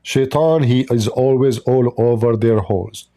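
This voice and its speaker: A man's voice: mid-range voice, measured pace, dark tone. A man hosting a livestream, talking in a mocking, sarcastic way in non-native English. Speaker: livestream host. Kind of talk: livestream polemic commentary.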